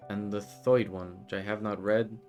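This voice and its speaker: A man's voice: fairly low pitch, fairly even intonation, normal speed, a little mellow, faint music behind. A man streaming a game, talking to himself in a grumbling, frustrated way. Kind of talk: casual gameplay commentary.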